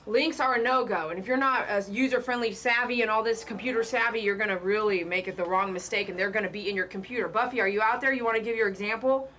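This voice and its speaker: A woman's voice: a little high, bright, forceful tone. A woman who works as a pet groomer, hosting a live stream in a casual, emphatic way and repeating her warnings with chatty asides.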